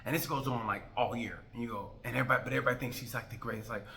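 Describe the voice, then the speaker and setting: A man's voice: medium pitch, fairly even intonation, rapid-fire, pushed and bright, slight background noise. A man hosting a motorcycle racing review, talking in a casual, jokey rant with rambling, exasperated asides.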